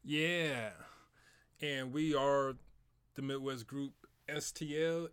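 A man's voice: medium pitch, steady tone, slow pace, fairly bright tone, clear, resonant tone. A young man from South St. Louis co-hosting a casual podcast chat, laid-back and joking, asking his co-host questions.

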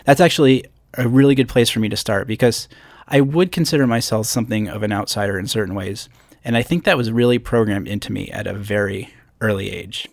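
A man in his thirties hosts a solo podcast, talking it out with self-deprecating asides. His lowish voice carries a gravelly edge. The sound is dry and close on a podcast mic in a hotel room. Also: fairly quick, no echo. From upstate New York. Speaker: podcast host. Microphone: podcast microphone with pop screen.

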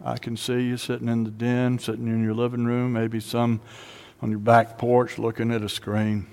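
Preacher building to fervent cadence, hall reverb. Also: male voice, mid-range voice, completely flat delivery, moderate pace, darkish tone, clear, resonant tone. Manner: builds to rising call-and-response preaching. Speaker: pastor. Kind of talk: sermon. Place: near-empty sanctuary preaching to a camera.

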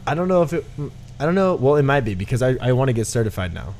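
A man's voice: medium pitch, very fast, slight background noise. A man hosting a podcast, telling a story in casual chat, swearing freely. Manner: profane, animated storyteller. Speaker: podcast host. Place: room with a dryer running nearby.

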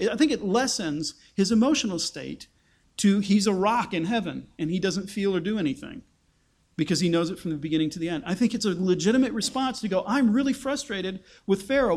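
A man's voice: sits high, a little mellow. A man preaching a conversational Bible-teaching sermon, asking his listeners rhetorical questions.

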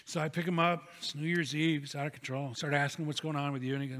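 A man's voice: fairly high pitch, steady tone, fast, hardly any pauses, fairly bright tone. A man preaching a sermon as pastor, earnest and telling stories, repeating key phrases for emphasis. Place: church sanctuary. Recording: long hall reverb.

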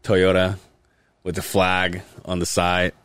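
A man's voice: low voice, completely flat delivery, slow, fairly bright tone, smooth, no echo. A man hosting a podcast, telling crude stories in casual chat, often breaking into laughter. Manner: profane, laughing, does voices of people in stories. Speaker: podcast host.

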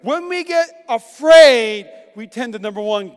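A middle-aged pastor preaching a sermon, swinging from hushed tones to emphatic shouts. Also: male voice, very high-pitched, lively intonation, unhurried, smooth. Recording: long echoing reverb.

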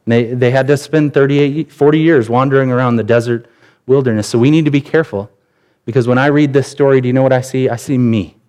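A man in his thirties preaching a sermon as pastor, candid and conversational, telling personal stories with animated shifts. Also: mid-range voice, quick pace, clear, resonant tone.

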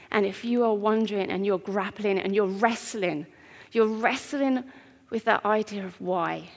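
A woman giving an earnest, heartfelt sermon in a church, with pauses. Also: medium pitch, creaky. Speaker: preacher. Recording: long reverb of a church hall.

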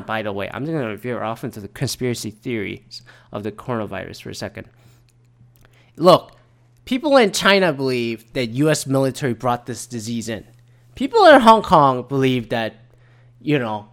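Profane rambling man ranting. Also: medium pitch. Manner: profane, sardonic, restarts often. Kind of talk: casual ranting monologue.

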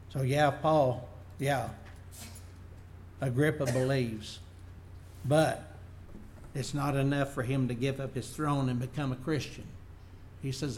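A man's voice: mid-range voice, steady tone, measured pace, long pauses, darkish tone, slight background noise. A man preaching a sermon, reading Bible verses aloud and then explaining them in plain words. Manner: unpolished, working slides as he goes.

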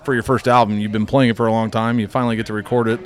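A man's voice: fairly low pitch, level tone, racing. A man hosting a casual radio interview with a band in a bar, friendly and joking, with plenty of fillers. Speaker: radio show host. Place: bar with a live band setup.

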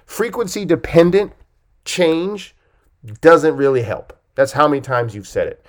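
Emphatic man coaching on a podcast. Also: unhurried. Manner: emphatic, keeps checking in with "okay?"; lively swings in pitch and loudness for emphasis. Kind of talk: podcast talk.

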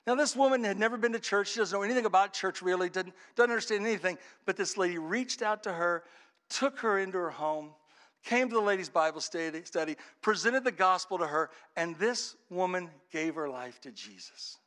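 A man preaching a sermon, telling a story dramatically, his voice swinging from hushed to shouting. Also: high voice, a little fast.

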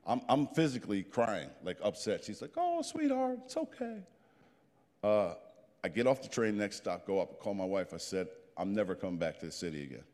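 A man in his fifties tells a story to a group in an animated, plain-spoken way. His voice sits fairly low. A long reverb of the meeting room trails each line. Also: fast talker, few pauses. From New Jersey. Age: 50s. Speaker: guest speaker.

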